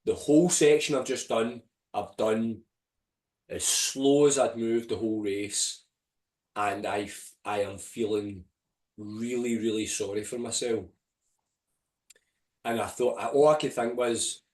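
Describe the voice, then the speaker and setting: A man's voice: lowish voice, steady tone, measured pace, a little mellow. A man, a podcast guest, telling a vivid story with swearing and replaying his own inner voice. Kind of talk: storytelling in an interview. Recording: roomy and distant from the mic.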